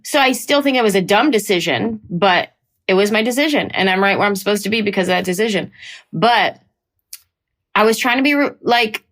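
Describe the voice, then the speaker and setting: A woman comedian talking in an interview, animated and slipping into playful put-on voices. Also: medium pitch, a little fast. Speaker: comedian guest. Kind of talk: conversational interview.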